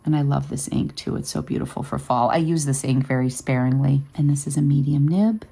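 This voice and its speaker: A woman's voice: rumbling low, a little fast, vocal fry, dark tone, breathy edge. A woman in her fifties hosting a vlog, chatting casually and rambling with lots of fillers. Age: 50s. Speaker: vlog host. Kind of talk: casual chat.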